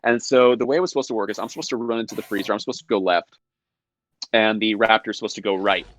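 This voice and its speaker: This man's voice sits on the low side and moves quickly, with a little hiss or hum on the recording. Appearing as a guest actor on a live video call from home, he animatedly recounts behind-the-scenes stories and playfully defends himself with mock indignation.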